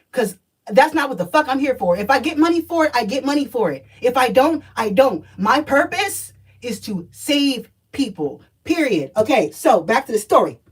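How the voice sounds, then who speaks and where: Woman, thirties, blunt and profane, emphatic storytelling vlog, slightly high voice, a little distant from the mic. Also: slightly rough. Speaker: spiritual energy reader.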